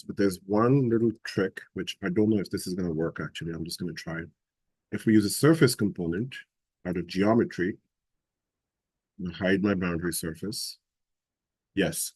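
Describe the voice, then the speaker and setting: Low husky male instructor, dry sound. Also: a little mellow, no room sound. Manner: explains step by step, thinking aloud. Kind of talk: live class software tutorial.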